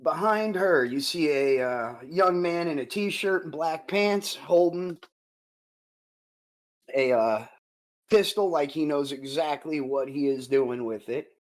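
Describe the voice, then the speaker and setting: Slow, unhurried male game master. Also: on the high side, low-quality recording. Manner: unhurried, descriptive, with fillers. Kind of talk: narrating a tabletop game.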